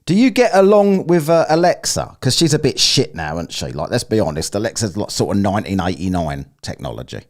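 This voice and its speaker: A man hosting a live stream, tossing out crude, jokey questions in loose casual chat. His voice sits low but swings widely in pitch as he talks. The talk is full of swearing and cheeky teasing. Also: big pitch swings, brisk, few pauses.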